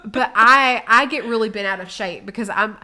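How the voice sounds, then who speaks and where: A woman co-hosting a casual chat, telling a story with lively acted-out quotes that rise in volume. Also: a little high, normal speed. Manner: animated, acts out quotes with rising volume. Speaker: co-host.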